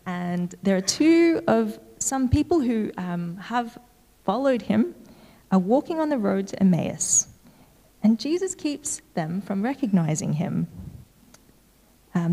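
A woman preaches in an informal, storytelling manner, pausing with little fillers as she goes. Her voice sits at an ordinary middle pitch. It rings out with the long reverb of a large hall. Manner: conversational, relaxed storytelling with fillers. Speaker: church speaker. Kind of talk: sermon.

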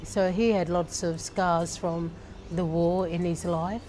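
An Australian woman in middle age tells her family's faith story at a slow, deliberate pace. Her voice sits a little low and carries earnest warmth. Faint music plays quietly behind her. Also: steady tone. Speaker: church leader sharing testimony. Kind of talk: personal testimony.

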